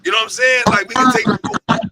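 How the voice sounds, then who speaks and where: A man, hosting a livestream and telling stories in an animated, hyped way full of street slang. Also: extremely high pitch, rapid-fire, background noise. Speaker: host and label president. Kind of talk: casual livestream storytelling.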